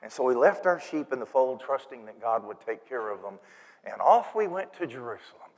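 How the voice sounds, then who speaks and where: A man performing a first-person monologue as a humble, giggly shepherd in a church service, an animated storyteller who stammers and laughs. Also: medium pitch, a little fast, lightly acted. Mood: storytelling. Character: humble, giggly old-time male shepherd. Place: church sanctuary. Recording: reverberant church hall.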